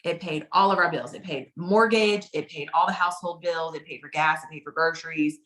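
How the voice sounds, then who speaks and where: A woman's voice: sits low, a little fast, a bit bright. A woman consultant telling her personal story in a casual, chatty way, often repeating phrases for emphasis. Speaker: direct sales consultant.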